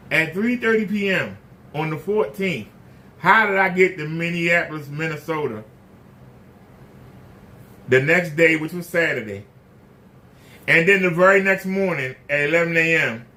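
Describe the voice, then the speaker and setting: A man's voice: fairly high pitch, moderate pace, long pauses, pushed and bright. A man hosting his own channel, ranting indignantly to the camera with repeated rhetorical questions. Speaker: YouTube channel host. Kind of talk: casual rant to camera.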